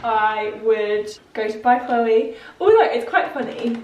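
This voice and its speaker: A woman's voice: on the high side, lively intonation, slow, roomy sound, muffled recording. Young uk woman rambling and giggling thru a kitchen vlog, kinda far from the mic, noisy background. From United Kingdom. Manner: chatty, giggly, self-mocking. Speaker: vlogger. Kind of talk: casual cooking vlog chat. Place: home kitchen.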